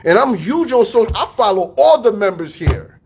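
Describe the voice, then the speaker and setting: A man giving a casual motivational talk, energetic and full of street slang, repeating his phrases. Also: high voice, normal speed, vocal fry, slight background noise. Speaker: fitness studio staff and podcast host.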